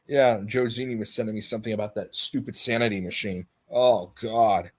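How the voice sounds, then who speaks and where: A man's voice: fairly low pitch, fairly even intonation, a little fast, hardly any pauses, slightly rough. A man hosting a livestream, chatting casually and mocking others as he rambles. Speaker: livestream host. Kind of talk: casual chat.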